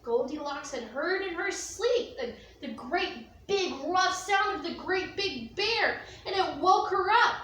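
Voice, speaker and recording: Expressive woman reading a children's story. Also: slight background noise. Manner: expressive, slow, with gasps and sweeping pitch. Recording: echoey room, distant mic, faint ambience.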